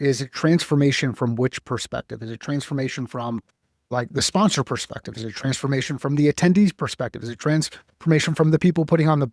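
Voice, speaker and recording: A man's voice: mid-range voice, darkish tone, no room sound. Male podcast host, casual, rambling questions, dry close sound. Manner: loose, thinking aloud, "like" fillers.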